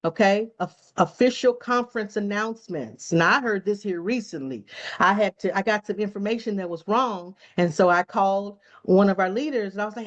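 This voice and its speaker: A woman's voice: medium pitch, fairly quick, lo-fi sound. A woman teaching a cybersecurity class in a conversational way, who acts out quoted exchanges and laughs often. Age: adult student. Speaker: cybersecurity instructor.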